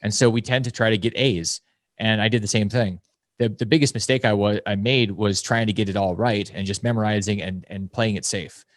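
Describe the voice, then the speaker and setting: A man in his forties speaking at a rapid clip in a fairly low voice, close and dry on the mic. He talks bluntly as a podcast guest, punching his points with sudden high, mocking quoted voices. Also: steady tone, no echo. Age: 40s. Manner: emphatic, swings into loud mocking quotes. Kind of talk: fast, blunt podcast talk.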